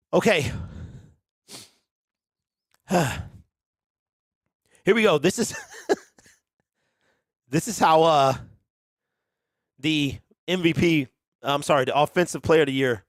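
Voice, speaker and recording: A man's voice: a little high, dry recording, clean studio sound. A man hosting a sports talk show, chatting casually, laughing hard and often and repeating his words.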